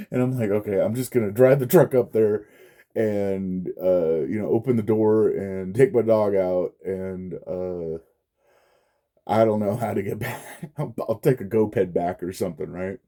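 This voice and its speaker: A man's voice: lowish voice, a little slow, warm tone. A man telling a frustrated, profane story in a casual rant, laughing often between lines. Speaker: vlogger.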